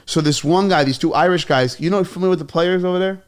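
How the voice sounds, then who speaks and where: A man with a fairly high voice, a comedian spinning stories in a loose podcast chat. He talks in an animated way, laughs often and swears freely. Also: quick pace, clear, resonant tone. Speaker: comedian guest. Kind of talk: casual storytelling chat.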